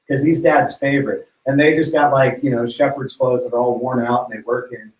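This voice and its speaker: A man's voice: mid-range voice, fairly even intonation, a little fast, few pauses, echoey room, distant mic, rough recording. A man preaching to young people in a casual, slangy way, retelling a story and acting out its characters. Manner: slangy, playful, acts out characters' voices. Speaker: youth pastor.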